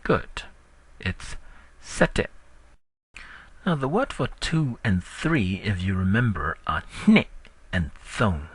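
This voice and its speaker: A man teaching a recorded language lesson, drilling words slowly and patiently. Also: slightly rough, no room sound. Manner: slow, patient drilling with lively pitch.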